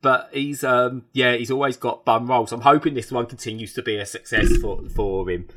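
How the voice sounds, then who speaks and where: British guy talking a tv show over, bright forceful voice, lots of restarts. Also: mid-range voice, moderate pace. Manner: animated, rambling with restarts. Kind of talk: casual chat, TV review.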